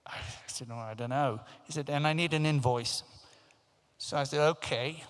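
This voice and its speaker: A keynote speaker in his fifties, from Africa and raised in England, tells anecdotes at a forum in a slightly high voice at a moderate pace. His storytelling talk is lively, and he acts out the voices of the people in his stories. A large conference hall gives the recording a long reverb.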